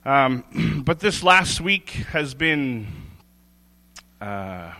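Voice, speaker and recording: Bright-voiced man preaching in a reverberant hall. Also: mid-range voice, big pitch swings, extremely slow. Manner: candid, self-deprecating, chuckles often, restarts phrases. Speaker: lay preacher. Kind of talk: informal sermon. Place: church sanctuary.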